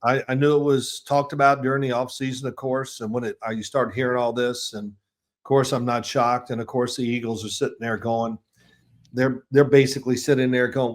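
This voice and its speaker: A man's voice: mid-range voice, flat delivery, fairly quick. A man in his sixties, a football analyst guest, telling chatty, rambling anecdotes with restarts and chuckles in a casual interview.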